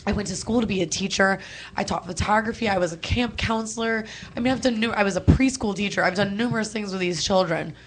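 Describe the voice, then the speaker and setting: A young woman, chatting on a call-in show, animated and quick to laugh, emotional and close to tears at times. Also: medium pitch, a little hiss or hum. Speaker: co-host. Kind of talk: casual radio chat.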